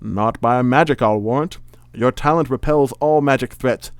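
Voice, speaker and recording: Casting: a man putting on a haughty Scottish-accented evil wizard, lecturing, a bit raised and loud, dry room. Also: mid-range voice, normal speed, clear, resonant tone, dry recording, natural voice. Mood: lordly. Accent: Scottish, Sean Connery style. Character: haughty evil male magician, calm and lordly.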